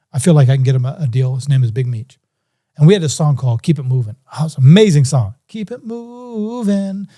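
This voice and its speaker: A man's voice: mid-range voice, warm tone. A middle-aged man and music producer telling a story in an interview, acting out phone calls in different voices.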